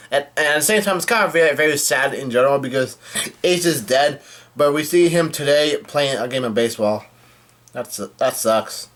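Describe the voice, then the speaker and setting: A man giving a casual spoken recap of a comic chapter, rambling and halting with frequent fillers and restarts. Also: fairly high pitch, fairly bright tone. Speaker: manga chapter reviewer.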